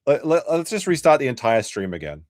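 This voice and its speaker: A man hosting a live-stream commentary show, casual and profane, mocking his subjects and often breaking into loud laughter. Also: mid-range voice, very animated, a little fast, no echo, studio quality. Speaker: livestream commentary host.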